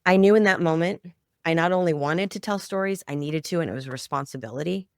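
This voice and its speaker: This fast-talking guest has a low, darkish and clean tone as she tells a heartfelt family story on a podcast. She is a middle-aged founder of a children's music project, speaking conversationally in an echo-free, studio-quality recording.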